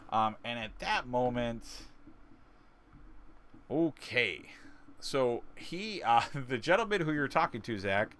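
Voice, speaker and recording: A man's voice: medium pitch, lively intonation, slow, long pauses, a bit bright. A man narrating as game master of a tabletop game, rambling with frequent fillers and laughs.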